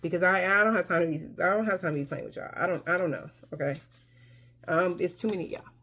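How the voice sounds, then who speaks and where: A woman with a somewhat low voice reads tarot cards for her viewers in a casual, chatty way. She talks with emphasis, often breaking off and restarting her sentences. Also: fairly even intonation, quick pace, a bit bright. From Mexico. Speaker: tarot reader. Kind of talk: casual tarot reading to camera.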